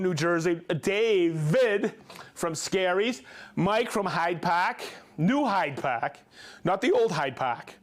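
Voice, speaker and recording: A man hosting a live stream, reading viewers' names and hometowns with upbeat excitement and frequent whoops. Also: high-pitched, unhurried. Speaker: livestream host. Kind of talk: live stream shout-outs.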